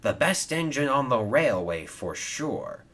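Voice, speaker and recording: A man's voice: medium pitch, big pitch swings, measured pace, fairly bright tone, voice pushed up. A man voicing a kind, helpful male steam engine who speaks earnestly and reassuringly.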